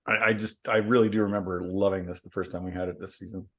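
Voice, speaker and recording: A man's voice: low voice, little pitch movement, fast talker, a bit bright. A man co-hosting a casual podcast, a jokey improviser prone to rambling tales. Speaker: co-host. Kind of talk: casual chat.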